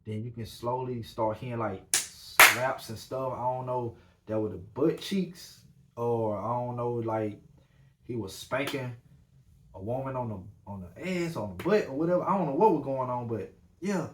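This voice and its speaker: A man hosting a podcast, telling a story in a casual, animated way, full of fillers. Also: medium pitch, moderate pace, heavy background noise. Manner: animated, rambling with many fillers. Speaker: podcast host. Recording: roomy echo.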